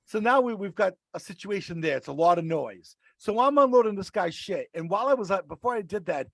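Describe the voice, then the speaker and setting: Brief: male podcast regular, raspy high voice, loose storyteller. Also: animated, fairly quick, fairly bright tone, dry recording. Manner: rambling, restarts mid-sentence. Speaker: podcast regular, rideshare driver. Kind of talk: casual storytelling.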